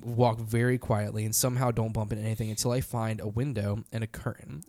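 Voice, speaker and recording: A man's voice: medium pitch, dry recording, clean studio sound. A man telling a story in casual conversation, laughing often and acting out the voices of the people in it. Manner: animated, laughs often, acts out voices in his stories.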